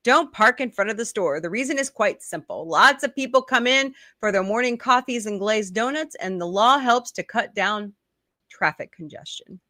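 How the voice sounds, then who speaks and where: A woman host in casual chat, reading odd news items aloud with quick asides and laughs, a little sleepy and yawning. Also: a little high, pushed and bright, dry recording, studio quality.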